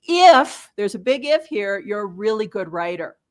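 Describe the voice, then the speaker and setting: A woman's voice: medium pitch, sing-song, normal speed. A woman author, a guest on an interview show, talking directly and explaining her points with examples. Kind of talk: casual interview chat.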